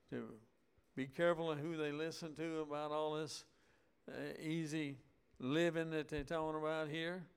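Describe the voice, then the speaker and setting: Guy preaching real slow, folksy, drawn out words, smooth voice. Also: on the high side. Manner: slow and deliberate, reading scripture aloud. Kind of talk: sermon.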